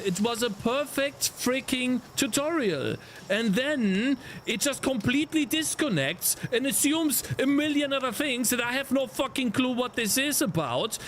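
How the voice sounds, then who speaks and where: A young man streaming as a game developer rants in exasperation while coding live, swearing heavily and sighing. His voice is extremely high-pitched and a bit bright, with slight background noise.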